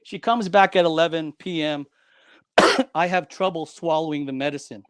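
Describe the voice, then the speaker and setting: A man's voice: a little high, moderate pace, clear, resonant tone, no room sound, clean studio sound. A man who is a guest on the show, telling a personal story in an emphatic, dramatic way and repeating key lines.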